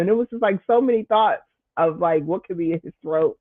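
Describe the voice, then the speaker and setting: Casting note: chatty male host, higher voice, heavy on "like", dry and tinny phone-line sound. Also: fairly quick, no room sound. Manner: animated storyteller, leaps into high exaggerated voices when quoting himself; lots of "like" and "you know", frequent restarts. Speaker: show host. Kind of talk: casual storytelling monologue.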